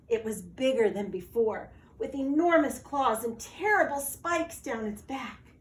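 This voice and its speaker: A woman, a teacher, reading a children's storybook aloud in a slow, expressive way. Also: fairly high pitch, roomy sound.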